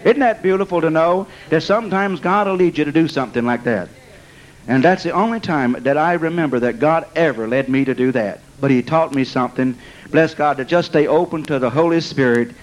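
A man with a notably high-pitched voice preaches a storytelling sermon. He sprinkles amen, bless God and praise God through his testimony and laughs along with his own story. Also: fairly quick, rough recording.

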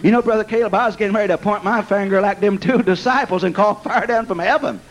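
A man's voice: sits high, quick pace, low-quality recording. A man preaching a sermon, telling a testimony and peppering it with amen and bless God. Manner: animated testimony, laughing at his own story. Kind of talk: storytelling sermon.

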